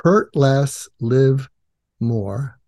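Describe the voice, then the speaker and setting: A man's voice: mid-range voice, very slow, creaky. An older man, a psychiatrist and author, telling stories in a casual interview and acting out the quoted voices. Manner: animated storyteller acting out quoted dialogue.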